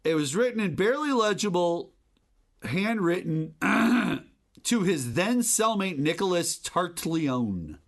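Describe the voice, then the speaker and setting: A man's voice: high voice, slow pace. A man hosting a casual political talk show, joking and speaking straight to his listeners. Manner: animated, joking, addresses listeners directly. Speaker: podcast host.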